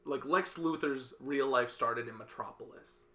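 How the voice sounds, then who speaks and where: A man hosting a casual podcast chat, retelling a comic book story and acting out its characters. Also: measured pace. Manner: animated storyteller, acts out characters with loud high voices. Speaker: podcast host.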